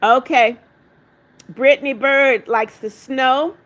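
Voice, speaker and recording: A slow-speaking woman with a high voice and fairly even intonation reads out comments from her livestream viewers. Affectionate throughout, she calls them darling and laughs while counting the gifts aloud.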